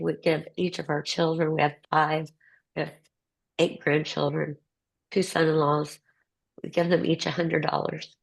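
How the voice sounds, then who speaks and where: Older woman with a low, gravelly voice. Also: rough recording. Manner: earnest, tender and faith-filled. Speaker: guest author. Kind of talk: heartfelt conversational talk on a group call.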